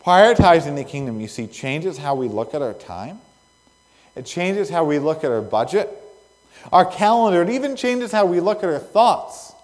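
A man preaching a sermon as pastor, earnest, with pauses and swells of emphasis between phrases. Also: fairly high pitch, sing-song. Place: church sanctuary. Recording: long reverb of a church hall.

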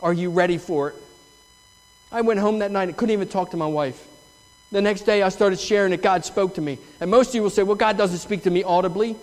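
High-voiced man giving an earnest testimony. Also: fast talker, a little mellow. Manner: earnest, emotional storytelling. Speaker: church member giving testimony. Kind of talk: testimony sermon. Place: church sanctuary. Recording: long reverb of a church hall.

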